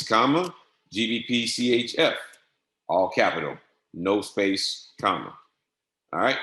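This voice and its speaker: A man teaching a software setup on a screen-share webinar, dictating settings step by step in a patient, repetitive way. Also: on the low side. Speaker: trading software instructor. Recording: echoey room.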